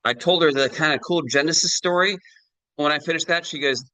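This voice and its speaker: Chatty middle-aged man pitching on a call. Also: a little fast, dry recording, low-quality recording. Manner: chatty, animated, many fillers and tag questions. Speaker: presenter. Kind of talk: sales presentation on a video call. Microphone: video call.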